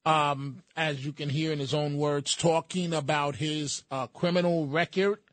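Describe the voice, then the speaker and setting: A male host delivering opinionated news commentary at a slow, deliberate pace. His voice sits a little high for a man, and his sardonic, emphatic remarks are broken up by frequent fillers. The sound is dry and close, with no room behind it. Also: fairly even intonation, no echo.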